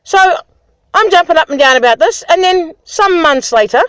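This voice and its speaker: Aggrieved woman vlogger, high voice, swears, dry close mic. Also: lively intonation, moderate pace, fairly bright tone, no room sound, rough recording. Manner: aggrieved, indignant, swears freely. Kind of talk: angry personal rant to camera.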